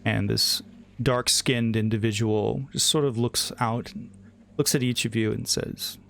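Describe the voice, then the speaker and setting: Slow, gravelly game master. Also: male voice, medium pitch, fairly even intonation, a bit bright. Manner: slow, measured scene-setting. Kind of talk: narrating a tabletop game. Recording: home mic with faint background music.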